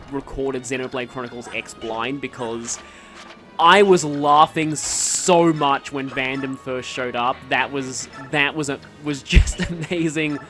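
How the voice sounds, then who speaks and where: A man's voice: medium pitch, a bit bright. A man with an Australian accent giving casual, rambling commentary over a game playthrough, often wandering off on tangents and correcting himself mid-sentence. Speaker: let's play commentator.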